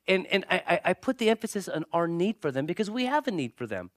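A man's voice: high-pitched, sing-song, fast, few pauses, dry recording. Conversational preacher man, dry close sound. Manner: conversational preaching with joking asides; repeats and restarts phrases. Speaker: pastor. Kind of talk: sermon.

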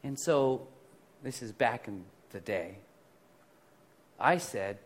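A pastor telling personal stories in a conversational sermon, swinging between loud bursts and quiet asides. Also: male voice, medium pitch, expressive, takes it slowly, pauses often.

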